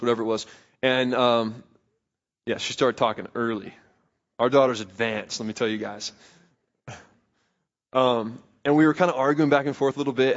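A young male preacher tells family stories in the middle of his sermon, loose and conversational, and he pokes fun at himself. His voice sits at an ordinary middle pitch. The recording sounds a little dull and lo-fi. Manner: conversational storytelling with self-deprecating humor.

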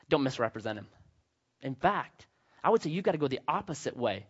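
A man's voice: mid-range voice, very animated, fairly quick, breathy edge. A young man preaching a sermon as pastor, telling stories with humor and acting out the voices. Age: young adult. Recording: slightly dull lo-fi sound.

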